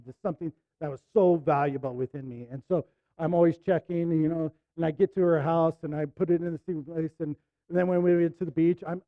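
A middle-aged man preaching a sermon, telling a personal story in a conversational way, dropping to soft asides and rising to emphatic bursts. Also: fairly high pitch, no room sound, phone-quality sound. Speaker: pastor.

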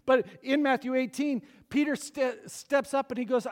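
A male pastor preaching a sermon to his congregation, animated and acting out the voices of the people he quotes, with chuckling asides. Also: extremely high pitch, normal speed, few pauses, in a large hall. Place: church.

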